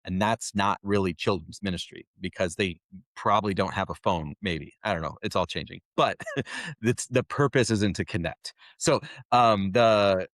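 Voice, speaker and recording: Low-voiced man, halting and casual. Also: fairly bright tone, no echo, studio quality. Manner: halting, with many fillers and restarts. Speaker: software company guest. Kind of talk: casual interview answers.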